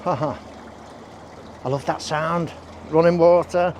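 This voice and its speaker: On a noisy outdoor walk along roads and country paths, a vlogger speaks slowly in a steady, higher-than-average voice. He chats casually, breathing heavily between his rambling asides.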